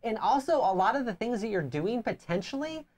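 A woman's voice: fairly high pitch, a little fast. A woman co-hosting a crowdfunding review show, chatting casually and telling stories with lots of laughter. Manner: animated storytelling, laughs often. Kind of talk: casual chat.

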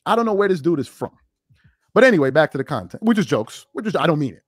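Man, mid pitch, animated, blunt, mocking, joking insults, opinion commentary, dry close sound. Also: fast, slightly rough, no echo. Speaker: online commentator.

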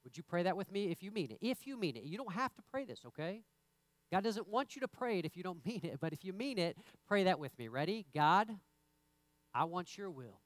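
Man preaching a sermon, conversational, repeats himself, builds to emphatic bursts; high, smooth voice. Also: no room sound. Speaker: pastor. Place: church sanctuary.

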